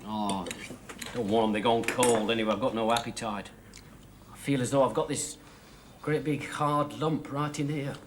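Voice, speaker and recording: An actor playing a put-upon young shop assistant, wry and self-pitying. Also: male voice, mid-range voice, steady tone, moderate pace, slight background noise, lightly acted.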